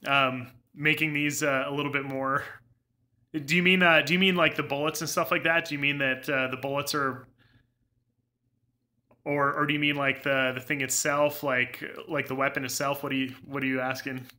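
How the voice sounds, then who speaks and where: Bright-voiced young man streaming a game. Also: medium pitch, steady tone, moderate pace. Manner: rambling, laughs often, many fillers. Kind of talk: casual live gameplay commentary.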